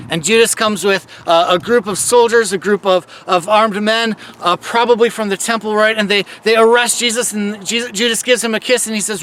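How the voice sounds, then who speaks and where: A man's voice: high voice, brisk, sharp tone, slight background noise. A man leading a chapel service, retelling a Bible story in a casual, conversational way. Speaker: chapel leader.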